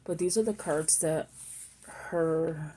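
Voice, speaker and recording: A woman's voice: low-pitched, slow pace, mellow, slightly rough. A middle-aged woman chatting at home in a loose, rambling way, often losing her thread and circling back. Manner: rambling, self-interrupting, chatty. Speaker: planner vlogger. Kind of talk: casual rambling chat.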